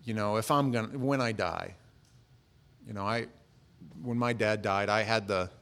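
A man's voice: on the low side, normal speed, a bit bright. A middle-aged man preaching a sermon in a conversational, storytelling way, acting out the voices he quotes. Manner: conversational, acts out quoted voices, frequent restarts. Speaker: pastor.

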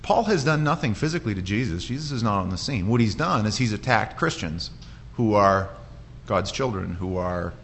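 A man's voice: lowish voice, moderate pace, a little hiss or hum. Man preaching a conversational sermon. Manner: conversational, with frequent restarts and animated quoted voices. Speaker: pastor. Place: church.

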